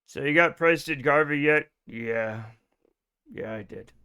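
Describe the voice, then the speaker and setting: Man, game streamer, animated and joking, casual swearing, high voice, bright tone. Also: a little slow, clear, resonant tone. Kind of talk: live gameplay stream chat.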